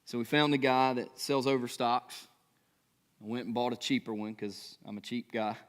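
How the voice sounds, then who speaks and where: A pastor in his thirties delivering a sermon in a relaxed, talk-it-through way, peppering his points with rhetorical questions and quick check-ins with the crowd. His voice sits at an ordinary middle pitch for a man. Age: 30s. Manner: conversational preaching with rhetorical questions and frequent "right?".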